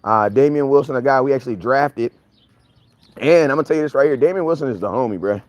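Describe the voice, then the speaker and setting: A grown man hosting a casual live stream on a morning walk outdoors, energetic and full of slang, greeting viewers by name. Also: medium pitch, quick pace, no echo, muffled recording.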